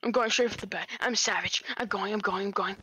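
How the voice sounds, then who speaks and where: A young woman chatting with a teammate during a video game, excitable and self-mocking. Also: medium pitch, fast talker, breathy edge. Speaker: gaming teammate. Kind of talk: casual gaming chat.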